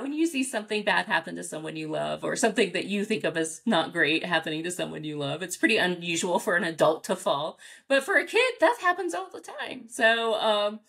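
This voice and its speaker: An American woman, a dog trainer, answering interview questions in a casual, animated way, acting out reactions with big jumps in pitch and laughing often. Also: moderate pace, gravelly. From United States. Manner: frequent fillers and restarts, laughs often.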